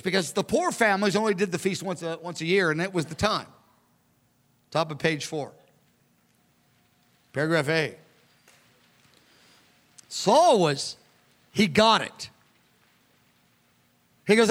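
A man preaching a verse-by-verse Bible teaching in an animated, conversational way, acting out the characters as he goes. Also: high voice, moderate pace, pauses often. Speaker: pastor. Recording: long hall reverb.

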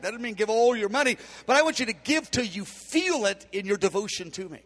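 A man's voice: high voice, lively intonation, fast, few pauses, fairly bright tone. A man in his fifties preaching a sermon, emphatic and acting out the dialogue he quotes. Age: 50s. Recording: long hall reverb.

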